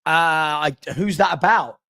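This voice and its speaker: A man hosting a live football stream, chatty and teasing as he reads viewer comments and gives shout-outs. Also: on the high side, unhurried. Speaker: host of a live football transfer show.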